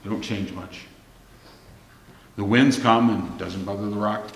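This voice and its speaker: A man's voice: fairly low pitch, fairly even intonation, measured pace, gravelly. A man preaching a sermon, telling stories and quoting scripture, sometimes dropping his voice to a near whisper. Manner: storytelling, drops to a near whisper at times. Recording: echoey hall with long reverb.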